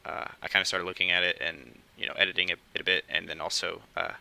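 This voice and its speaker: Brief: young male podcast host, deep gravelly voice, quiet and halting, home recording at night. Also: level tone, poor audio. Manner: quiet, hesitant, many fillers. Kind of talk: casual solo podcast talk.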